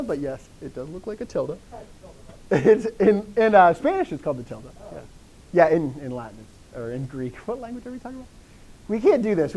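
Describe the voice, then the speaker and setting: Lively, encouraging language teacher. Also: medium pitch, poor audio. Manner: encouraging, quizzes students often; repeats key phrases. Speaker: Greek teacher. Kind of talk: classroom lecture.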